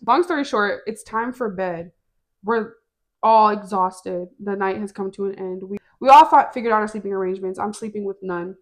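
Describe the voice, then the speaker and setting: A woman's voice: mid-range voice, normal speed. A young woman co-hosting a podcast, telling a story in casual chat with lots of slang and swearing. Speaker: podcast co-host.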